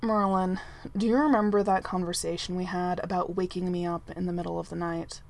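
A woman reading aloud, voicing a groggy, stern young crown prince with a low, dry delivery. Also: level tone, fairly quick, gravelly.

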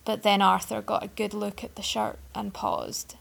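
A woman's voice: mid-range voice, little pitch movement, normal speed, gravelly, hardly any pauses, fairly bright tone. A woman narrating a story aloud with a wry, sardonic delivery. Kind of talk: storybook reading.

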